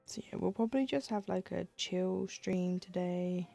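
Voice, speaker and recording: A woman's voice: lowish voice, normal speed, gravelly, warm tone, faint music behind. A woman chatting casually on a live stream while she stitches, acting out little quoted exchanges with a self-deprecating humor.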